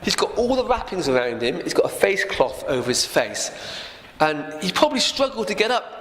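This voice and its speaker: A man's voice: sits high, a bit bright. A man teaching a Bible passage as a story, often turning to listeners with tag questions. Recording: echoey room with long reverb, faint noise.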